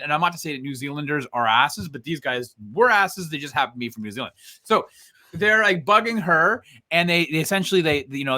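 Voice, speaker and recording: A man's voice: a little high, pushed and bright. A man co-hosting a casual review chat, retelling a film's plot in a rambling way full of fillers. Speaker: co-host reviewing a film.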